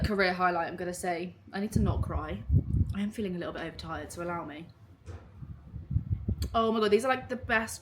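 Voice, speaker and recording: A young woman, chatting casually at home while unboxing a clothing haul in an excitable, gushing way. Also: mid-range voice, slight background noise. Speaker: vlogger.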